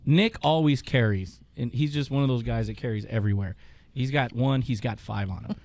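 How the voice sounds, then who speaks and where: A man's voice: medium pitch, normal speed, darkish tone. A man hosting a casual chat, telling a long story with swearing and laughter. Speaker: podcast host.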